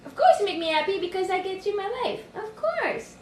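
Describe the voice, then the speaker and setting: A woman life coach on a livestream from home, thinking aloud with sudden excited outbursts and cooing at her puppy. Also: very high voice, brisk, reverberant, distant mic, slight background noise. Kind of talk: livestream self-reflection. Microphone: phone.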